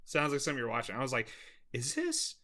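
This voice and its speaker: A young man from Maryland, a podcast host, telling animated, profane stories in casual chat and laughing often. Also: mid-range voice, racing. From Maryland, USA.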